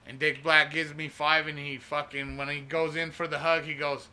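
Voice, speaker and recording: A young man and stand-up comedian tells stories in an animated, profane way, full of "dude" and "bro". His voice sits high and sounds very bright and forceful. The talk is a loose, casual podcast chat. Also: fairly quick, hardly any pauses.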